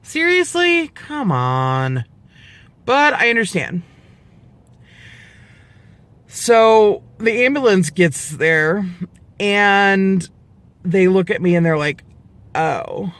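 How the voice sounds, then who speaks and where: Speaking slowly in a high-pitched voice and pausing often, a vlogger in his twenties recounts a personal story to camera with no echo. He swears freely, stays animated, and performs the voices of those he quotes.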